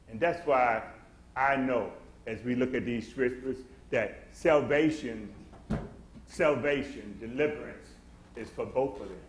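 A man preaching a sermon, swelling into emphatic, acted-out quotes in a church. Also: medium pitch. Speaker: pastor. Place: church sanctuary. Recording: echoey church room.

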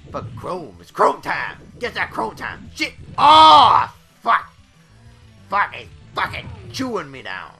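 A brash young-sounding gamer man trash-talks his way through a game, cursing and yelping at every hit. His voice is bright and swings wildly in pitch, sitting a bit high for a man. Quiet game music plays underneath. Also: slow, creaky. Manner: brash, profane, excitable trash talk; loud outbursts and yelps. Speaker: gaming YouTuber. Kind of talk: let's play commentary.

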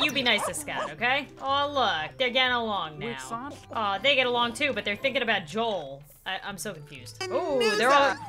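A young woman chats through a video game in a high, very animated voice. Her commentary bursts into quick exclamations and laughter, with a crisp brightness. Faint music plays behind her. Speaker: gaming YouTuber. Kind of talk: casual gameplay commentary.

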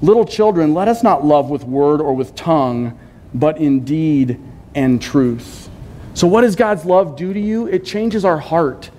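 A man with a high-pitched voice preaches to his congregation. He talks in a casual, conversational way and often asks the listeners questions. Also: measured pace, warm tone, slight background noise. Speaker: pastor. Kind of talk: sermon. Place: church sanctuary.

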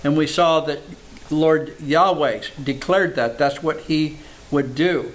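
A man's voice: a little high, steady tone, slow pace, low-quality recording. A man, a pastor, preaching a sermon, reading scripture aloud between plain explanations and repeating words for emphasis. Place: church service.

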